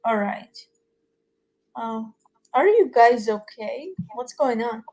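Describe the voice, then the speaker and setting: A woman playing a tabletop role-playing game, speaking softly and hesitantly. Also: a little high, lively intonation, slow. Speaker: player. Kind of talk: casual tabletop play.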